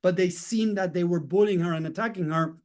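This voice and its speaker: A man's voice: high voice, a little fast, darkish tone. A man coaching viewers in a casual, rambling self-help talk, often checking in with "right?" and "you know". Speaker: mindset coach.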